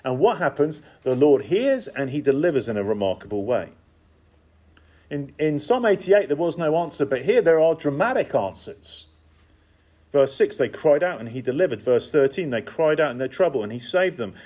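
A man's voice: on the high side, normal speed. A man preaching a sermon, emphatic and conversational, repeating key phrases and dropping in casual asides. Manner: lively, emphatic, repetitive cadence with conversational asides.

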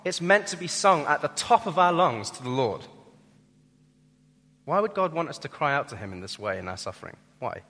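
A young man preaching a sermon, earnest and emphatic, swelling and dropping in loudness. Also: a little high, sing-song, moderate pace. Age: young adult. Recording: reverberant hall.

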